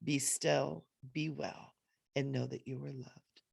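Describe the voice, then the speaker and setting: A woman channeling a benevolent male archangel who offers help and blessings, speaking slowly and soothingly. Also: very deep voice, steady tone, gravelly, darkish tone, slightly rough, dry recording, clean studio sound, full character voice. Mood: tender. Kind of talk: spiritual channeling.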